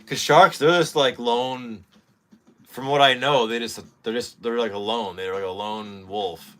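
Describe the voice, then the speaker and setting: A man in his forties talks his way through a casual vlog, rambling and excitable, with plenty of profanity. His voice is bright and forceful, at a middle pitch. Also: measured pace. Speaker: channel host.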